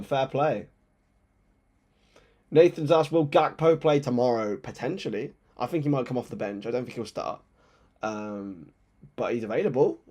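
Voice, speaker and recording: Young guy streaming a footy watchalong, chatting to chat then yelling play-by-play, mid voice. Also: medium pitch. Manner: chatty, reads chat aloud, bursts into excited play-by-play. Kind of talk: live football watchalong commentary.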